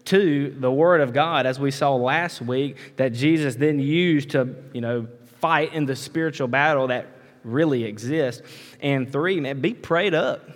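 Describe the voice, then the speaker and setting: A man's voice: medium pitch, a little slow. A man preaching a sermon in a conversational way, repeating words, with frequent "right?" asides and folksy emphatic turns of phrase. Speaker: pastor. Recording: long reverb of a large hall.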